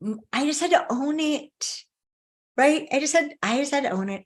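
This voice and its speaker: A woman teaching a class, telling personal stories in an expressive way, often laughing and restarting sentences. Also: high-pitched, normal speed. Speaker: relationship teacher. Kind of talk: storytelling talk to a class.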